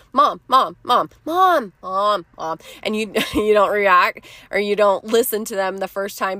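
Gentle mom giving calm advice, dry sound. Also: female voice, mid-range voice, no room sound. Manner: gentle, reassuring, checks in with "okay?" and "right?". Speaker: podcast host and mother. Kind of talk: casual self-help advice monologue.

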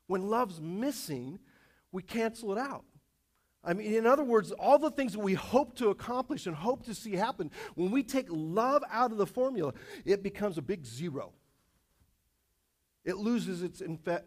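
Guy preaching a sermon, kinda high voice, casual and jokey, tells stories. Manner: casual, animated storytelling with jokes. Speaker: pastor.

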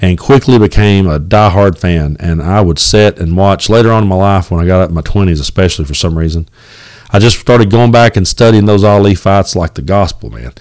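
A deep-voiced man in his forties with an East Tennessee drawl, talking into a home mic at his kitchen table. He rambles along in a folksy way and cusses freely. The sound is close and dry. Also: a little fast, a little mellow, no room sound. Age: 40s. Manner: rambling and folksy, with many fillers and cussing. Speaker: podcast host. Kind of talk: casual solo podcast monologue. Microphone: home recording setup.

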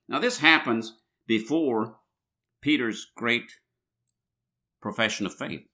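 Bright-voiced man preaching a sermon. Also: lowish voice, measured pace. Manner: conversational preaching, reads scripture aloud, acts out voices; frequent restarts and filler words.

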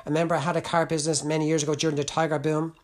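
A man's voice: fairly high pitch, flat delivery, rapid-fire. A middle-aged Irish man preaching a sermon, impassioned, his voice climbing fervently when he presses a point. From Ireland.

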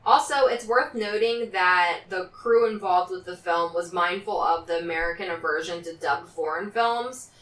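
A woman's voice: fairly low pitch, normal speed, a bit bright. A woman co-hosting a casual film podcast, reading from notes between banter and laughing often. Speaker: podcast co-host. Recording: roomy, slightly distant mic.

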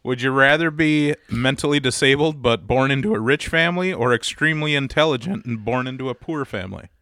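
A man with a bright, forward voice co-hosting a loose podcast chat. He is crude and laughs often as he reads questions aloud. The sound is dry and close to the mic. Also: mid-range voice, brisk, no room sound. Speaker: podcast co-host. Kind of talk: casual chat.

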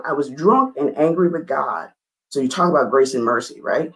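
A woman as an interview guest, telling a candid personal story in an earnest, emphatic way, her voice rising high when she gets excited. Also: normal speed, poor audio.

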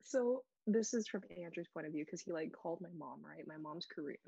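A woman co-hosting a podcast, telling a story in a casual, animated way with lots of fillers and laughter. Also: on the low side, fairly quick, gravelly, slightly rough, lo-fi sound. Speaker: podcast co-host. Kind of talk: casual chat.

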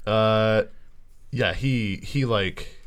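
A young man narrating as game master, chuckling and quickly voicing guards in a tabletop game. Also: on the low side, smooth. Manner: laughing, voices guards in quick asides.

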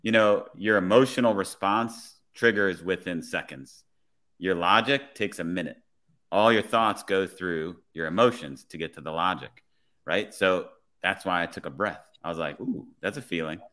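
A man, a police officer guest on a podcast, telling his story in a relaxed way with quoted dialogue. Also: low-pitched, moderate pace.

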